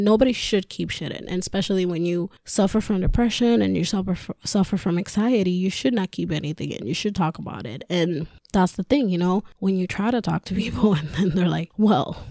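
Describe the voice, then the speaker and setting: A woman's voice: fairly low pitch, creaky, dark tone, no room sound, clean studio sound. A woman hosting a podcast, a mother with a young daughter, ranting casually and candidly with frequent swearing and laughter. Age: adult with a school-age daughter. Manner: candid and profane, laughs often. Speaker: podcast host. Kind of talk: casual personal rant.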